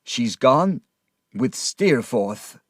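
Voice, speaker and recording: A man voicing a quiet, grief-stricken young fisherman in a storybook reading. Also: mid-range voice, sing-song, no room sound, studio quality, exaggerated voice. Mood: grieving. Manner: slow, quiet. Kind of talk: audiobook character voice.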